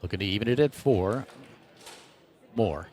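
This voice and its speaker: A man's voice: lowish voice, slight background noise. A man calling a table soccer match live as play-by-play commentator, rattling off each move with energy. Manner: rapid, energetic shot-by-shot calling.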